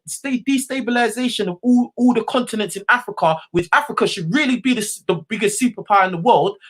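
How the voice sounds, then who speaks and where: Hosting a live call-in show, a man with a London accent argues hard with a caller, talking over him while swearing and repeating slang tags. His voice is very high-pitched with a fairly bright tone.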